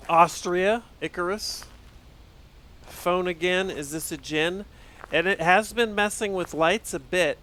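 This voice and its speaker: A man's voice: high-pitched, slow pace, fairly bright tone. A male streamer giving live commentary on a game, reacting aloud and chatting with his viewers.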